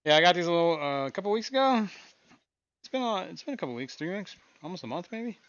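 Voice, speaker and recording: A man hosting a casual live stream from his fish room, talking in a relaxed, rambling way with frequent chuckles. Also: high voice, fast talker, dry recording, highs cut off. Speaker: aquarium stream host.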